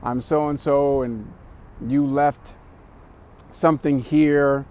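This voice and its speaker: A man voicing a prank caller who poses as a stern official, with a flat, businesslike delivery. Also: mid-range voice, slow pace, clean tone, lightly acted.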